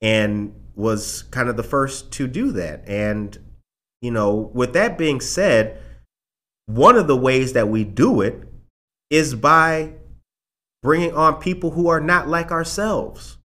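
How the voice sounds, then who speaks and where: A man's voice: mid-range voice, slow pace. Emphatic male talk show host. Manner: emphatic, repeats phrases for punch, gives shout-outs. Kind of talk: casual live talk show.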